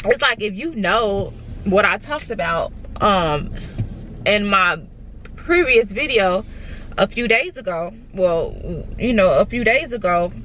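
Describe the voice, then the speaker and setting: A young woman vlogging from a parked car, telling her story to the camera in a casual, repetitive, excited way and addressing her viewers directly. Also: medium pitch, slight background noise.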